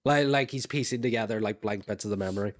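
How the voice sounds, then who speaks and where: A man's voice: lowish voice, quick pace. A man co-hosting a podcast, agreeable and thinking aloud with plenty of fillers in casual brainstorming. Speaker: podcast co-host.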